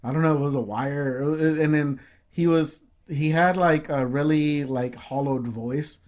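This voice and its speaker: A man's voice: a little high, a little slow, a little mellow. A man co-hosting a casual podcast, telling a long story with many fillers, restarts and swear words. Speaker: podcast co-host.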